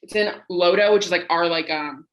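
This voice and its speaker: A woman's voice: fairly low pitch, a little fast, rough recording. A young woman from Colorado, a bartender and comedian, telling stories as a guest on a casual podcast with lots of laughter and swearing. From Colorado, USA. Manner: loud, laughing, swearing storyteller.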